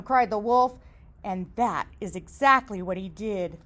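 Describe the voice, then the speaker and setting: A woman reading a children's story aloud in an expressive, sing-song storytelling manner. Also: fairly high pitch, moderate pace.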